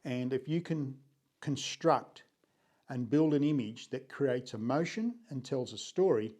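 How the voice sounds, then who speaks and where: An older man with an Australian accent, from Sydney, telling his photography story in an unhurried, earnest vlog, often clearing his throat. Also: medium pitch, darkish tone.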